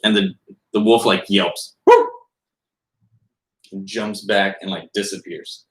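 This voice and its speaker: A man's voice: sits low, steady tone, takes it slowly, a bit bright. A young man narrating as game master, rambling loosely with lots of filler words. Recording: roomy echo.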